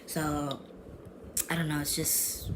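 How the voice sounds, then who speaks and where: Slow and flat in delivery, this fairly high-pitched young man rambles through a storytelling vlog in slangy speech. He keeps repeating and restarting himself while background noise runs throughout.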